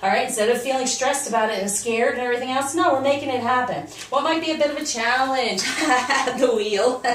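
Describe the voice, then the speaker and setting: A woman giving a casual spoken tarot reading as a spiritual coach, upbeat and encouraging. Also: high-pitched. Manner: upbeat, encouraging, animated with laughs and quoted asides. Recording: echoey room, voice a bit far from the mic, faint noise.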